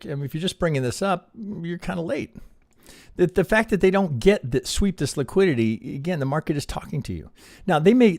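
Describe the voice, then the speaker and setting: A man's voice: medium pitch, gravelly, a little mellow, no room sound, studio quality. A man teaching on a live stream as he reviews trading charts, thinking aloud and checking in with a constant "right?". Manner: peppers talk with rhetorical questions and "right?".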